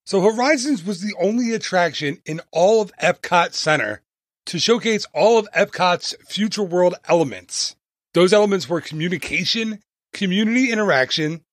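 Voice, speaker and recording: A man's voice: on the high side, fairly bright tone, dry recording. A man hosting a travel podcast, talking casually and playfully with jokey asides and tangents, into a close mic.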